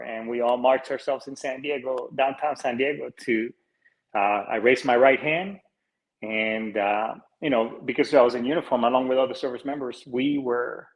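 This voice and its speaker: This podcast is hosted by a Colombian-born man in his forties whose voice sits in the mid range. He talks sincerely but drifts around, with frequent fillers, restarts and casual cursing. The recording sounds rough.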